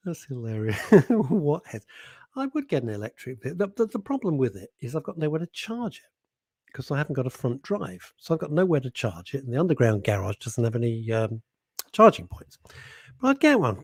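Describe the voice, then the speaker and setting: A man's voice: fairly high pitch, sing-song, fairly quick, darkish tone, slightly rough, no echo. A man hosting a casual radio show, chatting, teasing listeners and laughing often. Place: radio studio.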